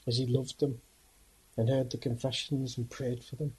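A man preaching, telling a story earnestly and emphatically, with halting restarts. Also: mid-range voice, level tone, a little mellow, breathy edge, low-quality recording. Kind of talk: dramatic storytelling sermon.

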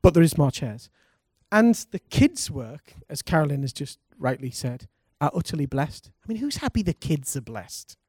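Pastor, slightly high voice, dry close sound, animated preaching with call and response. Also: male voice, normal speed, breathy edge, dry recording. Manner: animated preaching, calls for congregation responses, laughs. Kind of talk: sermon.

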